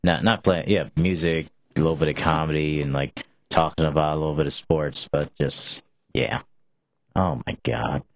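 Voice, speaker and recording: A man's voice: rumbling low, moderate pace, creaky. A young man hosting a casual talk show, rambling with many restarts and filler words. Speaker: show host.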